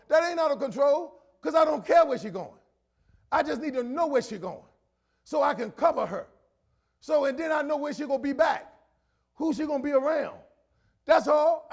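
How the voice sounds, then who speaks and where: Middle-aged male pastor with a very high voice, conversational sermon that repeats lines and rises to shouts. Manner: preaches conversationally, repeating phrases for emphasis; builds to shouted emphasis.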